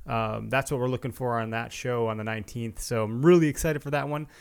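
A man's voice: medium pitch, a little fast, few pauses, smooth. A man, hosting a podcast in a rambling, chatty way full of fillers. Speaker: podcast host. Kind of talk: casual solo podcast intro.

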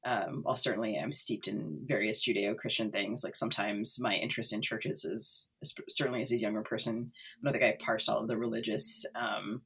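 A woman co-hosting a casual book discussion, speaking thoughtfully with frequent pauses and fillers. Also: a bass voice, fairly even intonation, creaky, a bit bright, slightly rough. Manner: thoughtful, hesitant, many fillers.

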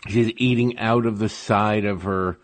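A man's voice: lowish voice, steady tone, unhurried, dry recording. A man who is a regular guest on a talk radio show, telling wry, exasperated stories in casual chat. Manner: wry storyteller, dry and exasperated.

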